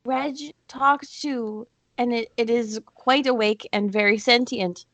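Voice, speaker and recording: Insistent woman with a high voice. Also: steady tone, takes it slowly, a bit bright, no echo. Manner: urgent, insistent. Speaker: player. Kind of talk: in-character tabletop role-play.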